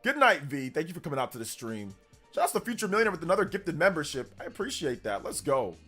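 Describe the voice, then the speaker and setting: A man's voice: a little high, big pitch swings, fast talker, pushed and bright, slightly rough, soft background music. A man hosting a casual live stream, hyped up, reading out and thanking donors as he chats. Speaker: livestream host.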